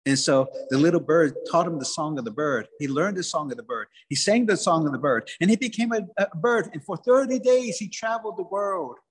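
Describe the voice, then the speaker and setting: A man tells a traditional folktale aloud, building it with rhythmic, repeated phrases. His voice is husky and sits fairly high. It rings with a long reverb, as in a hall. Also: expressive, a little fast, few pauses. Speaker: storyteller, museum director. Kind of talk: oral folktale telling.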